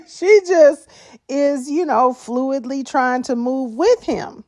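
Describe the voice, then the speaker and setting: Slow-talking, animated woman host. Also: high voice, no echo, clean studio sound. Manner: expressive, exclaiming, laughing often. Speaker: reaction video host. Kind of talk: casual reaction commentary.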